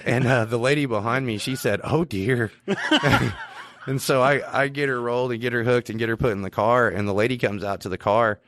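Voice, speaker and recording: A man's voice: medium pitch, quick pace, few pauses, slight background noise. A man who works as a police officer, telling work stories in a casual podcast chat, laughing as he goes. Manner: laughing, animated anecdotes with quoted voices.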